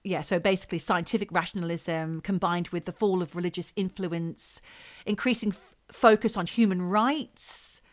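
A woman's voice: on the low side, normal speed, few pauses, no room sound. A woman co-hosting a casual chat, joking and swearing casually as she talks. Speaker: podcast co-host.

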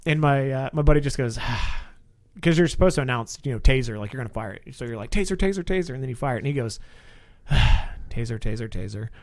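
Man, police officer, quick animated storyteller, dry close mic. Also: medium pitch, dry recording. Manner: animated storyteller acting out quotes. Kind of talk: casual storytelling chat.

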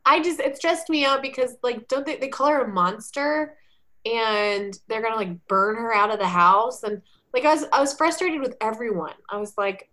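A woman's voice: on the high side, animated, moderate pace, pushed and bright. Chatty woman with many fillers. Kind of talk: casual chat.

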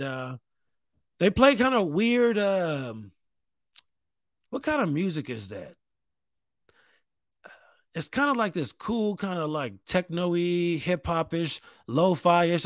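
A man's voice: high-pitched, big pitch swings, unhurried, pauses often, no echo. A man from New York State hosting a show, talking in a rambling, profane, self-mocking casual monologue. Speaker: podcast host.

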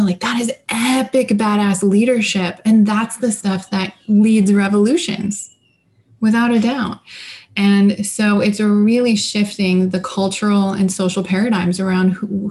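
A woman's voice: mid-range voice, darkish tone. A woman leadership coach talking in a casual interview, enthusiastic and emphatic, stringing words together in bursts.

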